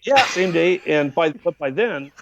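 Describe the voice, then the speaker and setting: A man's voice: on the high side, unhurried, creaky, background noise. An older man telling stories as a podcast guest, acting out quotes with lots of uh fillers. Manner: lively storyteller, acts out quotes, many uh fillers. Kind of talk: storytelling in a podcast interview. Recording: dull lo-fi sound.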